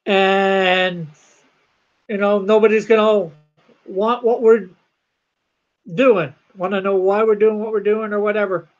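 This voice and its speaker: Slow, rambling comic artist on a dull stream. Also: mid-range voice, flat delivery. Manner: rambling, halting, thinks aloud while reading chat. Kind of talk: casual livestream chat.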